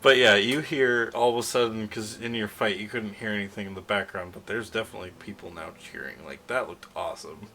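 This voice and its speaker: A man's voice: fairly low pitch, fairly quick, few pauses, bright, forceful tone, slight background noise. A man narrating as game master, rambling, laughing often and acting out side characters.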